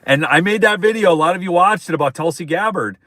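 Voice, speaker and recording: Emphatic high-voiced male commentator. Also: fast talker, a bit bright, dry recording. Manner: emphatic, repeats points, addresses viewers as folks. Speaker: political commentary host. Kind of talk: live-stream political commentary.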